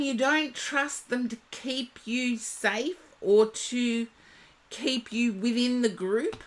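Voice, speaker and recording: A woman reading tarot live for viewers, chatty and reassuring, talking to them by name, her voice going a little hoarse. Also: fairly high pitch, takes it slowly. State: losing her voice. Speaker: tarot reader.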